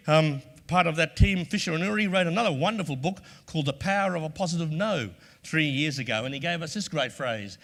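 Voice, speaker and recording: A man's voice: on the high side, animated, a little fast, fairly bright tone. Australian man presenting in a reverberant hall. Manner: emphatic, repeats key phrases, acts out sample lines. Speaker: workshop presenter. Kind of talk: presentation to a live audience. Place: large room before an audience.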